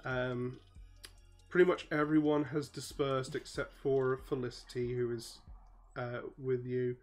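Relaxed tabletop game master. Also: medium pitch, unhurried, soft background music. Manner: relaxed, loose, many fillers.

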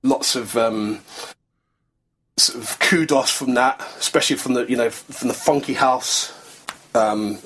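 A man, a musician guest talking casually in a podcast interview, relaxed and rambling with lots of fillers. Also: medium pitch, breathy edge, low-quality recording.

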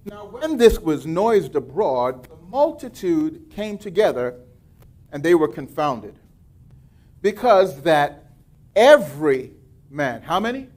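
A male pastor preaching a sermon, reading scripture and breaking off into lively asides. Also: a little high, slow pace.

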